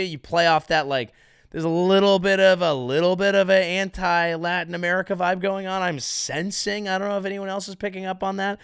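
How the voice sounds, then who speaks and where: Sarcastic comedian man, slightly high voice. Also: fairly even intonation, moderate pace, fairly bright tone, clean tone, no room sound, clean studio sound. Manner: sarcastic, rambling, self-interrupting; mock-grand, hyped delivery. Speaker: comedian podcast host. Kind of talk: comedic podcast monologue.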